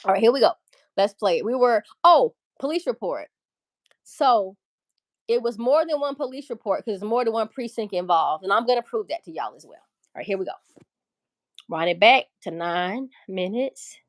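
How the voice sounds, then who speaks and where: A woman hosts a loose livestream chat. She talks in a candid, emphatic, profane way that wanders from point to point. Her voice sits at a middle pitch and sounds dry and close, with no room echo. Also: animated, normal speed. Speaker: livestream host.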